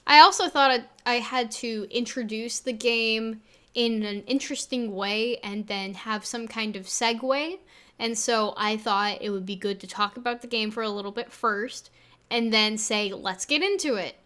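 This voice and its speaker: A woman with a youthful, slightly high voice reacts to her own old footage. She mocks herself freely and stumbles and restarts often. She speaks into a desk microphone on an arm. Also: steady tone, fairly bright tone, clean tone. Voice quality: sounds younger than her age. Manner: self-deprecating, halting, many restarts. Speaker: video creator and game developer. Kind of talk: casual reaction commentary. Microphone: Blue Yeti on an arm.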